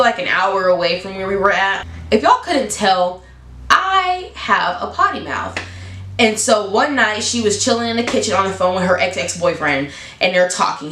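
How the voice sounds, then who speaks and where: A woman tells a story to her viewers in a casual, blunt, animated way, her voice jumping high for emphasis. Her pitch sits mid-range. The sound reflects around an echoey room. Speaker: storytime vlogger.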